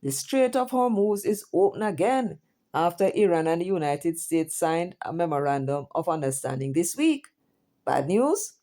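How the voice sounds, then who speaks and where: Jamaican lady reading the news n chatting over it, low warm voice, lots of asides. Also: normal speed. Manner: chatty, reacts aloud with asides and rhetorical questions. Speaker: news commentary host. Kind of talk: reading headlines with casual commentary.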